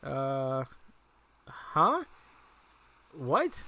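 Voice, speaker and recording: Man, excitable gameplay commentary, lively swinging pitch, bright voice, rambles. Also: unhurried. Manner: excitable, breaks into shouts and laughter; rambling, many restarts when reflecting. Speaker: let's player.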